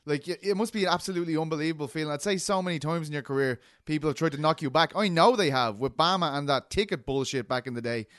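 A man's voice: on the high side, fast, hardly any pauses, fairly bright tone, no echo, studio quality. Chatty, laughing male interview host. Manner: chatty, laughs easily, stumbles over words. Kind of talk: casual interview chat.

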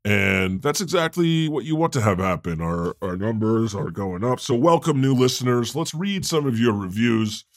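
A man's voice: medium pitch, no echo, studio quality, lightly acted. A man playing God, a chatty male deity who hosts an improvised comedy podcast. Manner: conversational, quick to laugh, animated. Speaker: host.

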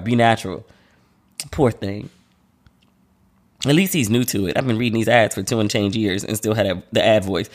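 A man hosting a casual solo podcast, chatty and slangy, who often acts out the voices of people he quotes. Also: mid-range voice. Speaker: podcast host.

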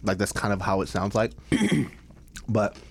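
A man's voice: fairly low pitch, level tone, a little hiss or hum. A man co-hosting a food vlog, chatting casually and joking at his own expense. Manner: joking, self-mocking, quick to laugh. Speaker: vlog co-host. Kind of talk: casual chat while eating.

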